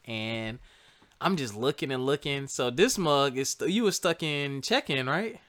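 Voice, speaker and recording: A man casually telling a funny personal story to listeners, animated and laughing often. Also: mid-range voice, a little slow. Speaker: co-host telling a couple's story.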